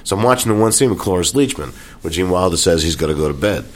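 A man hosting a casual chat, telling animated stories about comedy films, swearing freely. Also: deep voice, fast talker. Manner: animated storyteller, acts out movie scenes.

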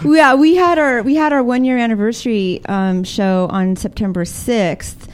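A woman's voice: on the high side, normal speed, darkish tone, clear, resonant tone. A woman guesting on a morning radio show, chatting casually, laughing often and joking at her own expense in a studio.

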